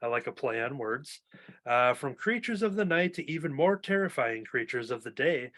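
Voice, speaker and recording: A man's voice: medium pitch, animated, moderate pace, fairly bright tone. Casual male podcast host. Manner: loose, filler-heavy, reading previews aloud. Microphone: home recording mic.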